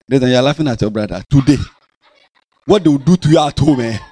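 A man's voice: mid-range voice, fairly quick, husky, dry recording, studio quality. A man with a Ghanaian accent preaching a sermon as pastor in a church, scolding and teasing his congregation. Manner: animated, scolding, playful.

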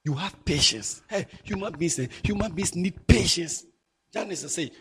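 Animated husky Ghanaian pastor. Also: male voice, sits high, normal speed. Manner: animated, switching between English and Twi. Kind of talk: sermon.

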